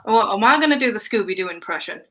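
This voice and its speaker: A woman's voice: mid-range voice, animated, fast, over a noisy crowd, poor audio. A woman chatting with friends in wry, self-mocking banter, swearing casually.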